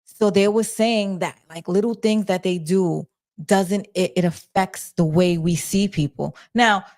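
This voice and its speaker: A woman hosting a livestream speaks in a mid-range voice that's steady, measured and a little mellow. She retells things casually and ramblingly, full of fillers, and gets flustered while managing the chat.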